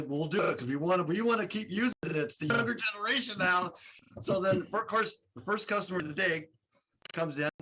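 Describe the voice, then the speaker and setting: Bright-voiced man telling a story. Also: sits high, breathy edge. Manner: animated, laughing, acts out quotes. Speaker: guest. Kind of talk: casual storytelling. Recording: muffled with faint noise.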